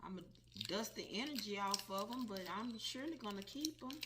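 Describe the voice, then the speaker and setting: A tarot vlogger talks casually to camera, reviewing a card deck she bought, calling her viewers "guys" and emphatically repeating her points. Her mid-range voice is a little fast with lively intonation, and heavy background noise runs underneath.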